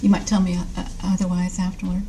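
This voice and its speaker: A woman author at a live reading, introducing and then reading her short story. She jokes dryly and stumbles a little. Her voice is mellow over a faint hum. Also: on the low side, completely flat delivery, fast talker, rough recording. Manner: wry, slightly hesitant. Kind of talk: live reading with wry asides.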